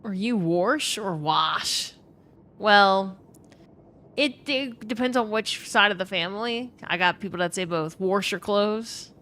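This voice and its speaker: A woman's voice: medium pitch, slow, a bit bright. Chatty, foul-mouthed Louisiana woman streamer. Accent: New Orleans. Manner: chatty, swears freely, reads chat aloud. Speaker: gaming streamer. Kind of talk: casual live-stream chat with viewers.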